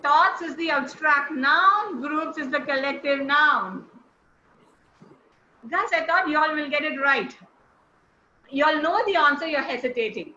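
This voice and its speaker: A woman's voice: sits high, measured pace, pauses often, bright, forceful tone. A woman, coaching a class over a video call and quizzing listeners encouragingly. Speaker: speaking coach. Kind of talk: online teaching session. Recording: echoey, slightly dull call audio.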